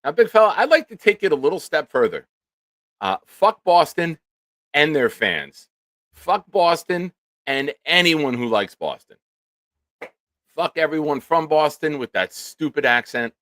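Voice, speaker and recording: A man hosting a live sports fan stream, talking casually with bursts of loud mock cheering. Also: on the high side, sing-song, measured pace, no echo, clean studio sound. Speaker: show host.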